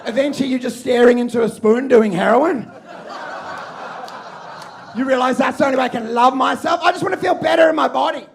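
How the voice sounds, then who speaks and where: An Australian man performing a loud, ranting stand-up set on a comedy club stage, often shouting. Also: very high voice, fairly quick, gravelly, long pauses, some chatter behind, a little hiss or hum.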